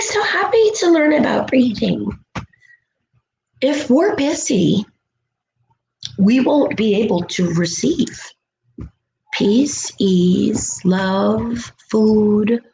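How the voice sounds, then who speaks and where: Woman, spiritual self-help vlogger, fairly high voice, animated, playful asides, echoey room. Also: vocal fry. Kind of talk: motivational self-help talk. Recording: echoey room with faint noise.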